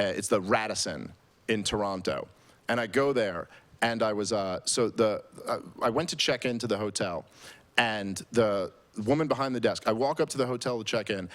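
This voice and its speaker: A man doing a stand-up comedy set at a live show, telling a rambling story with many fillers and restarts. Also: mid-range voice.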